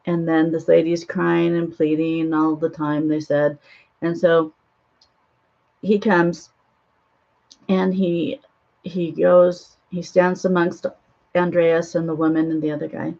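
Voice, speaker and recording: Gravelly low-voiced woman, rambling retelling. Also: flat delivery, takes it slowly, pauses often, darkish tone. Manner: rambling, with frequent ums and restarts. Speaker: spiritual author and host. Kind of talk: casual retelling of a film. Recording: dull lo-fi sound.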